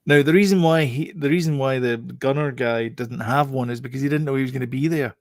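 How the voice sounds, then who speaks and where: A man's voice: mid-range voice, a little fast, no room sound, clean studio sound. A man co-hosting a casual film review chat, rambling with many fillers and restarts.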